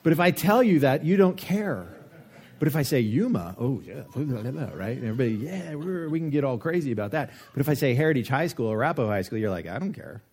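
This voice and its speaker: Husky preacher, joking and animated. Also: male voice, mid-range voice, fast. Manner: joking, animated, asks rhetorical questions. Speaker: pastor. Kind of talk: sermon.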